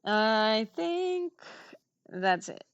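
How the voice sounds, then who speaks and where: A woman's voice: on the high side, sing-song, very slow, smooth, no echo, dull audio. A woman playing a tabletop game, hesitant and thinking aloud. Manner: hesitant, many fillers. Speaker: player.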